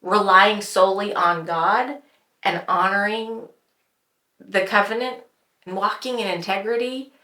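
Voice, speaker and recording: A woman's voice: mid-range voice, fairly even intonation, measured pace, pushed and bright. A woman hosting a faith podcast, speaking with emphatic conviction. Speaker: podcast host. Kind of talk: casual faith talk. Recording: roomy echo.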